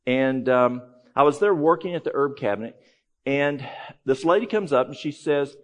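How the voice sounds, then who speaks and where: A man's voice: medium pitch, lively intonation, moderate pace. A man giving a conversational, folksy talk to a live audience, telling a story with frequent restarts. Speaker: health ministry speaker.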